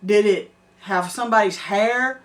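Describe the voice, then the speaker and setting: An older homesteading woman, talking earnestly and with emphasis, quick to laugh. Her voice is mid-pitched and picked up from a little way off the mic. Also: fairly bright tone. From Middle Tennessee. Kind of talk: casual chat. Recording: distant mic.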